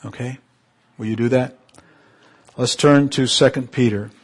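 A man preaching a sermon, calling on the congregation for amens and swinging from emphatic peaks to soft, quiet asides. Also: medium pitch, steady tone, a little slow, husky. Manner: call-and-response, rising to emphatic peaks then dropping soft.

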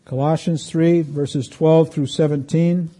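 Mellow-voiced man preaching a sermon. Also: fairly even intonation, measured pace. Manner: conversational preaching, reads scripture aloud, rises in pitch for emphasis. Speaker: pastor.

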